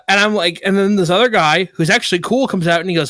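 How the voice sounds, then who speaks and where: A man's voice: sits high, fast, dry recording. A man co-hosting a podcast, telling a story in casual chat and getting worked up and indignant. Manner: animated storyteller who gets worked up and indignant. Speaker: podcast co-host.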